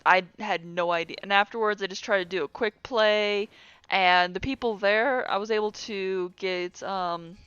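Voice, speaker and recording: A young woman co-hosting a casual gaming chat, animated and swearing freely. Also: medium pitch, moderate pace, smooth, no room sound. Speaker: co-host. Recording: dull lo-fi mic.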